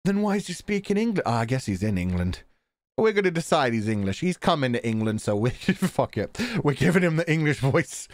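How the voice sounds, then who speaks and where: A man commentating a game on a livestream, excitable and laughing, swearing freely. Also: medium pitch, brisk, dry recording. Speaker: streamer.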